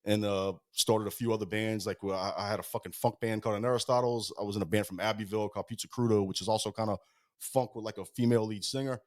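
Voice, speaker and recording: This is a rapid-fire man with a lowish voice, recorded in a podcast studio. He tumbles from one band anecdote to the next, peppering every sentence with swears. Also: fairly even intonation, darkish tone. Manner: fast-talking, heavy swearing, rambling anecdotes. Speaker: guest musician. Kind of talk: casual storytelling.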